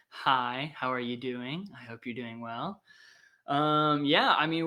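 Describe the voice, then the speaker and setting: With a slightly high voice, a young man chats casually while hosting a worship livestream, getting excited and thinking aloud amid plenty of filler words.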